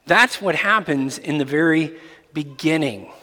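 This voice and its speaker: A man preaching a sermon as a pastor, animated and jokey, sometimes mimicking babble. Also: fairly high pitch, a little slow. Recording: long reverb of a hall.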